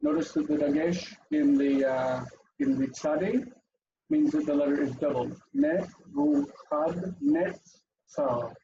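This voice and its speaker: A man's voice: a little high, big pitch swings, normal speed, vocal fry, dull audio, background noise. A man teaching an online language lesson over a video call, chatty and explanatory, with frequent ums and asides.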